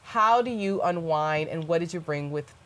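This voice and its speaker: A woman hosts a relaxed podcast conversation, talking effusively and filling her sentences with "um" and "like." Her voice sits a little low for a woman. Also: normal speed. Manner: effusive, chatty, many fillers. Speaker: podcast host. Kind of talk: casual chat.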